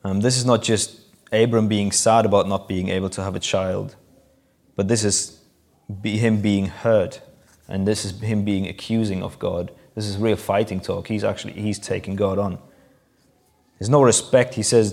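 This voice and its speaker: A man with a fairly low voice preaches a sermon, walking listeners through a scripture passage. He explains in a conversational way and lifts his voice to act out the quoted lines. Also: fairly even intonation, moderate pace, creaky, darkish tone. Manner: explanatory, acts out quoted lines with rising emphasis.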